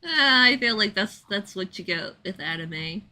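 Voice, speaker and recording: A woman's voice: mid-range voice, normal speed, pushed and bright. A young woman chatting casually while drawing live, giggling often and rambling with lots of filler words.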